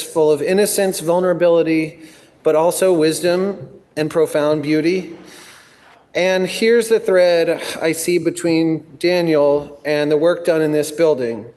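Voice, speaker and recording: Halting man in a reverberant chamber. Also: a little high. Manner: halting, with frequent ums and soft laughs. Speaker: guest singer leading a devotional. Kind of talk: earnest spoken introduction. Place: large legislative chamber. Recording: long hall reverb, faint music behind.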